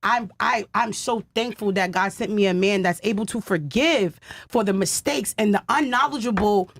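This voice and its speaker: A woman's voice: mid-range voice, normal speed. A woman guest in a heated panel debate, making her point insistently and emphatically.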